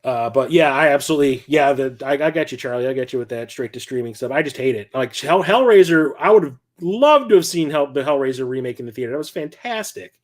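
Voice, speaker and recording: A middle-aged man chatting casually at home, rambling excitably and swearing now and then. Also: medium pitch, fast, hardly any pauses. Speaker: collector vlogger. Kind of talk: casual unscripted chat.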